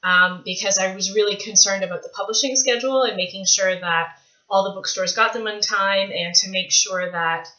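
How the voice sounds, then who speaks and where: A Canadian woman vlogging casually from a small room at home, chatty, rambling and gushing with excitement. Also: medium pitch, moderate pace, echoey room, lo-fi sound. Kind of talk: casual vlog chat.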